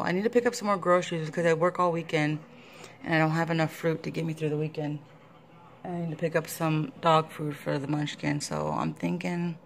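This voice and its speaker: Gal vlogging her day, casual and rambly, goes all baby-talk sometimes. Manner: chatty, swoops into high baby talk with her dog. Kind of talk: casual vlog chat.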